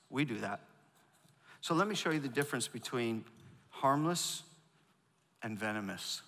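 A man's voice: medium pitch, lively intonation, normal speed, long pauses, pushed and bright, big-room sound. A man preaching a sermon as a pastor, cracking jokes and calling on the congregation to repeat lines after him. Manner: joking, calls for audience responses. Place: large church auditorium.

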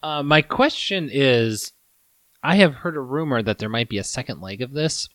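A man chatting casually while tasting candy, animated and jokey, swearing now and then. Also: medium pitch, normal speed, dry recording.

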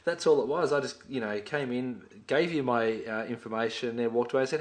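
An Australian man on a podcast, telling a story lively and acting out quotes. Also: mid-range voice, brisk. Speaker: podcast co-host. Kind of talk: casual podcast chat.

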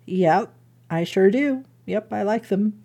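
A woman's voice: mid-range voice, slow, vocal fry, dark tone, slightly rough, exaggerated voice. A woman voicing a timid young governess, flustered and mumbling.

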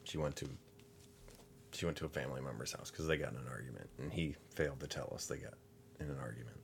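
A man's voice: a bass voice, quick pace, gravelly, slight background noise. A man in his thirties co-hosting a podcast, telling stories in a laid-back way with dry humor. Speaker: podcast co-host. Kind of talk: casual chat.

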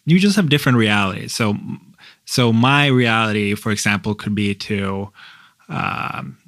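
Halting man with a dry sound. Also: on the low side, fairly bright tone, dry recording. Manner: halting, many restarts and fillers. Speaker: husband in a couple's talk. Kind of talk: casual conversation.

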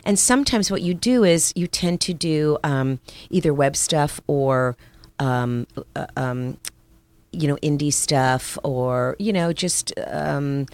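A woman's voice: low-pitched, takes it slowly, darkish tone, no echo. A woman actress, chatting casually in an interview with lots of fillers and restarts. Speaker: actress guest.

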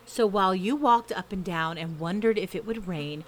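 A woman reading a children's story aloud in a soft, gentle storytelling voice, addressing the listener. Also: mid-range voice, normal speed, slight background noise.

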